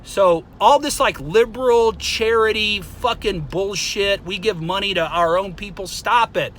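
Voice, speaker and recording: High-voiced man in a profane rant. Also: measured pace, a little hiss or hum, low-quality recording. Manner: profane, heated ranting that flares up and then calms. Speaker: vlogger. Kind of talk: angry rant to camera.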